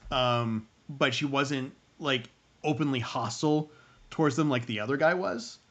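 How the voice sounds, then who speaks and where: A man's voice: mid-range voice, a little slow, a bit bright, dull audio. A man co-hosting a casual review show, talking in long rambling stretches with many restarts. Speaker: podcast co-host running the stream.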